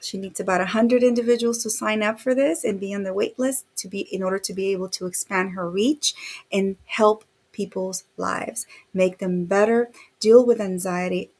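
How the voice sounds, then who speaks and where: A woman's voice: mid-range voice, fairly even intonation, moderate pace, darkish tone. Upbeat woman podcast host. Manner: upbeat, encouraging. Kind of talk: interview conversation.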